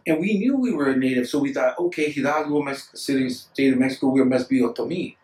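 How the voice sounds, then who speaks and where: A man telling stories in casual chat, rambling and animated, acting out the voices of people he quotes. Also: medium pitch, fast. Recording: echoey room, distant mic.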